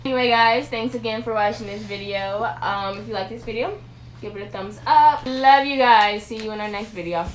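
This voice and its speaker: A woman's voice: a little high, fairly quick. A young woman hosting a couple's vlog, telling a story in casual chat and acting out what people said. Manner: animated storyteller, acts out quotes. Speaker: vlog co-host. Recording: echoey room with faint noise.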